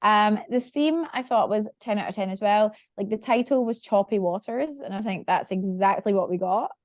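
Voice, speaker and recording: A woman's voice: mid-range voice, moderate pace, no echo, studio quality. A woman co-hosting a casual reality-TV podcast, chatty and laughing, swearing now and then. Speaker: podcast co-host. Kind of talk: casual chat.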